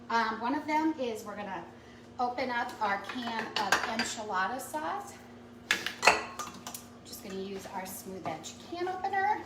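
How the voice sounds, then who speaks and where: A woman's voice: a little high, echoey room, distant mic, heavy background noise. A woman giving a chatty step-by-step cooking demonstration in a kitchen. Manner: chatty step-by-step instructions with fillers.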